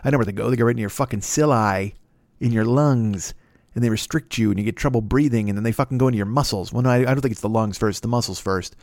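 A man's voice: mid-range voice, quick pace, a little mellow, dry recording, clean studio sound. A middle-aged man hosting a comedy podcast, talking in a rambling, profane, self-deprecating monologue full of tangents. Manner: profane, self-deprecating, jumps between tangents and mock voices.

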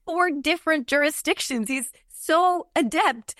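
A woman's voice: high voice, a little slow, fairly bright tone, no room sound, clean studio sound. Woman podcast host in casual chat.

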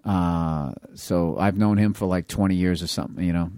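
A man's voice: deep voice, steady tone, moderate pace, mellow, no echo. A man in his forties with a Boston accent, a comedian guest on a podcast interview, telling rambling, self-deprecating stories into a studio microphone.

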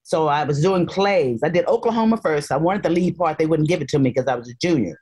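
A woman with a lower-pitched voice, an actress from the South raised in Harlem. She tells her stories with playful animation. She often slips into voices for the people in them. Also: fast talker, breathy edge. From North Carolina, raised in Harlem, New York. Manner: animated, playful storyteller who puts on voices. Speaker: actress guest. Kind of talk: casual interview storytelling.

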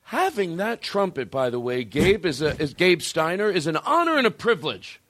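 Excitable, profane man hosting a podcast. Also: a little high, moderate pace. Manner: profane, excitable, bursts into shouting. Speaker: podcast host. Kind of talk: casual studio chat. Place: recording studio.

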